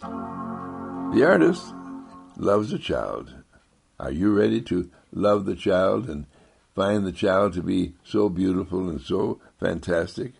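Man, very gravelly voice, husky, soft-spoken, rambling, repetitive, gentle inspirational talk. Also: very animated, slow, pauses often, faint music behind. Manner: swoops high when quoting others.

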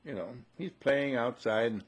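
Husky-voiced man giving a spiritual talk. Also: medium pitch, normal speed. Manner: repetitive, rhetorical questions. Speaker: spiritual speaker.

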